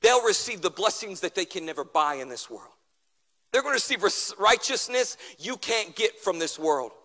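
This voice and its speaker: A man preaching a sermon as pastor, building through repeated refrains and dropping suddenly to a hush. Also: sits high, sing-song, normal speed, big-room sound.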